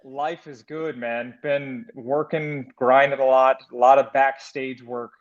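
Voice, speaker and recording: A man's voice: mid-range voice, little pitch movement, unhurried. Coach dude, chill chatty guest, says man a lot, kinda muffled lo-fi audio. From United States. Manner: easygoing, calls everyone "man". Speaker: life coach, podcast guest. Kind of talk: casual chat.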